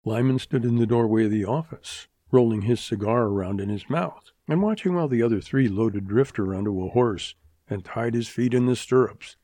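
A man reading a western novel as an audiobook, in steady, measured narration. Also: mid-range voice, no room sound, clean studio sound.

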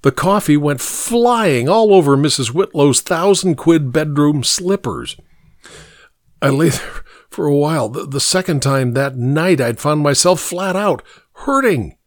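A man's voice: a little high, animated, measured pace, dry recording. A man narrating a first-person story in a dry, wry way.

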